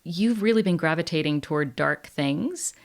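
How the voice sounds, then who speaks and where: Low-voiced, thoughtful woman co-host. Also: expressive, moderate pace. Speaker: podcast co-host. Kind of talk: casual book chat.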